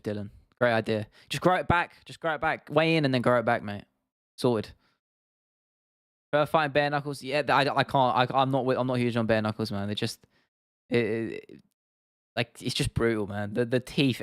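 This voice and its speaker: A casual guy hosts a livestream, his smooth, medium-pitched voice loose and chatty as he laughs through questions from chat. The sound is clean and close, with no echo.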